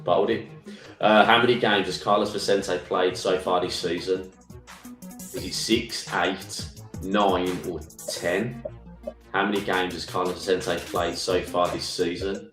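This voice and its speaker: A very low-pitched man with a Birmingham accent runs a live football quiz, reading every question twice and saying "mate" a lot. His voice rings around an echoey room, with faint music playing behind. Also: flat delivery, measured pace, fairly bright tone. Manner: reads each question twice, chatty with frequent "mate". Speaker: football phone-in co-host.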